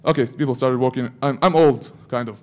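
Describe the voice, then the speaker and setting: A man's voice: medium pitch, fast talker. A man giving a security conference talk, breaking into joking asides to the audience. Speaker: conference speaker.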